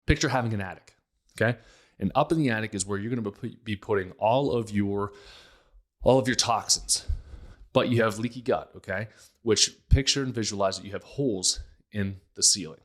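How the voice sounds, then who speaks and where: A man's voice: fairly low pitch, brisk. Emphatic man hosting a health podcast. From Pittsburgh. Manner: emphatic, rhetorical questions, animated asides. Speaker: podcast host, health practitioner. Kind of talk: casual health podcast monologue.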